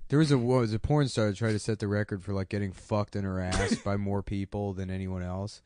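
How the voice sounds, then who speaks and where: Low-voiced man in crude podcast banter. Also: steady tone, a little fast, darkish tone, clean tone, no room sound, studio quality. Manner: rambling, profane, jumps into mocking put-on voices. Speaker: podcast co-host.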